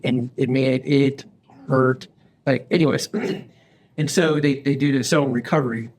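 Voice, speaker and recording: A podcast co-host with a medium-pitched, slightly mellow voice tells a story during casual chat. He acts out the voices he quotes, restarts often and laughs frequently as he goes.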